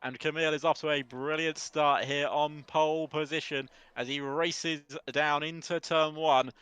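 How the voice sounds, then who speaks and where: A man commentating a sim race, doing brisk play-by-play calling. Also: a little high, fairly even intonation, fairly bright tone, clean tone, no room sound. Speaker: sim racing lead commentator.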